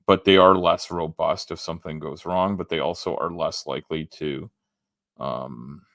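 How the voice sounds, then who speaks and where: Canadian male streamer, low voice, dry close mic, rambling casual delivery. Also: fairly even intonation, fairly bright tone, dry recording. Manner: rambling, halting, many restarts and ums. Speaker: livestream host. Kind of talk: casual livestream chat reading comments.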